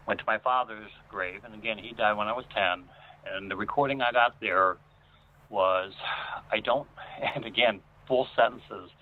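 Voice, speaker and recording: A man telling a personal story as a guest, earnest and emotional, with many pauses. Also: lowish voice. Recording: phone-like line.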